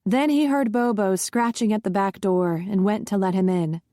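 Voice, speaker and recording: A woman reading a thriller audiobook in steady scripted narration. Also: medium pitch, moderate pace, no room sound, clean studio sound.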